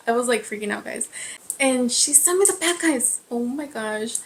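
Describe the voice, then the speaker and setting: A woman vlogger chatting casually to her viewers, excitable and constantly saying "guys". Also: on the high side, normal speed. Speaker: craft vlogger. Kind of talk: casual chat to camera.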